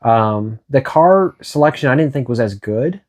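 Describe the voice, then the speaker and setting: A man's voice: mid-range voice, animated, normal speed, darkish tone. A man co-hosting a casual video game discussion, leading the talk with hesitant restarts. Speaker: co-host.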